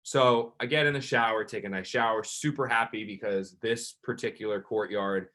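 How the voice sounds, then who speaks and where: A man with a bright, forceful voice co-hosts a sports podcast in casual chat. He tells a long story with animated energy, rambling and filling his sentences with "like". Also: lowish voice, normal speed. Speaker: podcast co-host and sports reporter.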